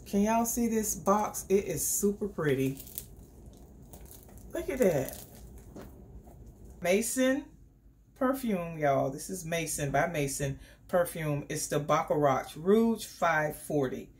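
Woman vlogger, excitable, lively pitch, slow easy pace, faint room ambience. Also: slight background noise. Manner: chatty and excitable, talks straight to viewers. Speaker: beauty vlogger. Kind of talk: casual unboxing vlog. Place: home indoors.

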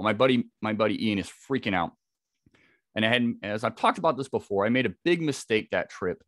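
A man's voice: on the low side, animated, fairly quick, a bit bright, no echo, studio quality. A man, a podcast guest, telling a vivid first-person encounter story with frequent restarts. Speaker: podcast guest, Bigfoot researcher.

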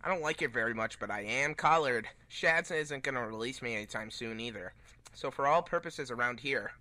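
A man's voice: mid-range voice, a little fast, pushed and bright, dry recording. A man reading Sonic's lines in a casual, playful group reading of a fan story. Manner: playful, swears and laughs. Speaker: fan dub reader voicing Sonic.

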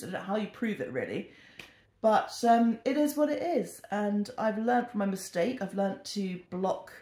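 A British woman rambles through a casual storytime, chatty and self-deprecating, at an ordinary middling pitch. Her voice rings off the walls of an echoey room at home. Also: a little mellow. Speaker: vlogger. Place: indoors in a home.

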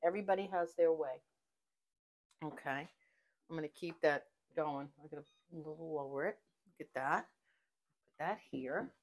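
Middle-aged woman, cooking vlog host, chatty and upbeat, sits a bit low, talks through tips in her home kitchen. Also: moderate pace, pauses often.

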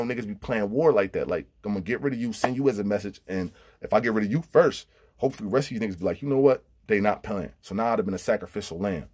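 Husky low-voiced man telling prison stories. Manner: animated, acts out quotes with big pitch jumps. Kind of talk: casual storytelling.

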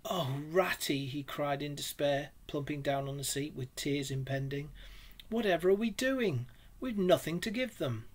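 A man's voice: medium pitch, completely flat delivery, normal speed, hardly any pauses, close to an everyday voice. A man reading aloud, voicing a fretful, anxious male mole in a storybook. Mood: despairing. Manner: fretful, then chatty.

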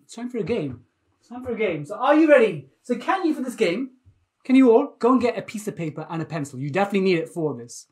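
A man teaching a live online maths lesson for children, energetic and playful, often repeating himself. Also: sits high.

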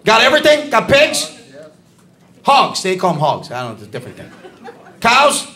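A man doing a stand-up comedy routine on a club stage, ranting, shouting punchlines and bantering with the crowd. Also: sits high, huge pitch swings, normal speed. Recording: live club with loud audience laughter. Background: crowd laughing.

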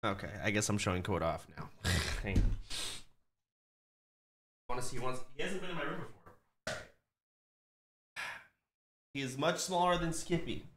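A man streaming from his desk, talking casually and swearing now and then, slipping into high baby talk with a puppy. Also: a bit bright, a little hiss or hum. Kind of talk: casual live-stream chat.

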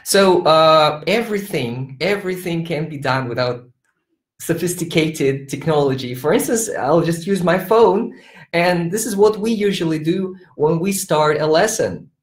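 Slow-talking teacher trainer, playful demo voices, laptop mic on a video call with a roomy echo. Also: medium pitch, lively intonation. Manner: playful, switches into sung and acted teacher voices for demos. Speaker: teacher trainer presenting at an online conference. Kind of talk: online conference workshop, demonstrating classroom games.

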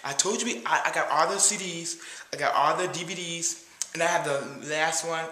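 A man's voice: fairly high pitch, moderate pace, sharp tone, reverberant. A man playing a cheap, nervous date who brags about himself and keeps calling himself "your boy", in a comedy skit.

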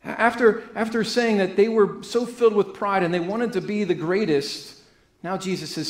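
A man's voice: sits high, fairly even intonation, moderate pace. A man preaching a sermon as pastor, reading scripture in an earnest way and restarting phrases as he goes. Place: church sanctuary. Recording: echoey church room.

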